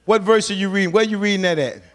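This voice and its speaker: Male preacher, very high voice, fervent and colloquial, calls back and forth with the congregation. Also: rapid-fire. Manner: fervent, urging the congregation in call-and-response; colloquial, repeats phrases for emphasis. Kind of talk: sermon.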